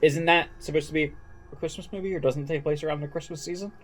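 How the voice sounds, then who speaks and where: A man's voice: fairly high pitch, steady tone, fast talker, a bit bright. A man co-hosting a podcast in casual chat, easygoing, bantering and steering the conversation. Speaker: podcast co-host.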